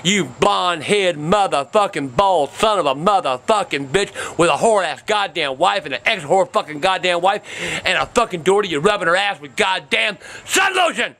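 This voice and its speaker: An actor playing a hot-tempered, foul-mouthed grandpa in a comedy web series, ranting and yelling insults in a gravelly voice. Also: male voice, lively intonation, normal speed, hardly any pauses, full character voice. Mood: furious. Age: over 60. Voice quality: gravelly, high-pitched, shouty. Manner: cursing constantly, yelling insults.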